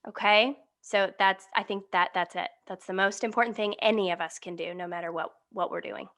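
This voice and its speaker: A woman's voice: mid-range voice, fairly even intonation, a bit bright. Earnest, heartfelt woman guest. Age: 30s. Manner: earnest, heartfelt, slow when explaining. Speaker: podcast guest, company founder. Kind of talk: casual interview chat.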